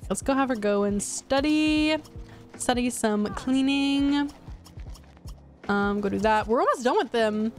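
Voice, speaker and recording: A woman's voice: a little high, lively intonation, measured pace, long pauses, darkish tone, faint music behind. A young woman in her twenties, a streamer chatting casually with her chat while playing a game, giggly and teasing. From United States. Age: 20s.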